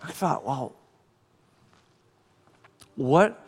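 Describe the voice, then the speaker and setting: A male pastor preaching a conversational sermon, swinging from loud, urgent passages to hushed, soft ones. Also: fairly high pitch, moderate pace, pauses often, long reverb tail. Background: music.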